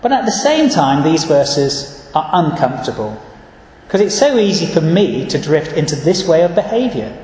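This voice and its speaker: A man preaches in a steady, earnest way, often pausing to read out scripture verses. His voice sits fairly high for a man. It rings through a large church hall with a long, echoey tail. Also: a little hiss or hum. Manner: earnest, measured, reads scripture verses aloud. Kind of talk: sermon.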